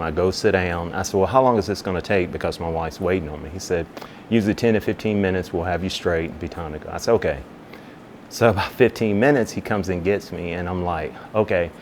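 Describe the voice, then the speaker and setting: A man, a fire captain, telling a long personal story in an interview, acting out both sides of the conversations in a relaxed, chatty way. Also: low voice, a little hiss or hum. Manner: relaxed, conversational, with many "you know" asides. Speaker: fire captain and business owner.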